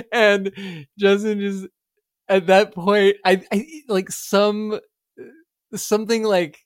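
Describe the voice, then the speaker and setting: A man's voice: high voice, level tone, takes it slowly, pauses often, smooth, no room sound, studio quality. A man telling a rambling anecdote as a podcast guest, full of filler words and laughing as he goes. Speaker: musician guest. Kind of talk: casual podcast storytelling.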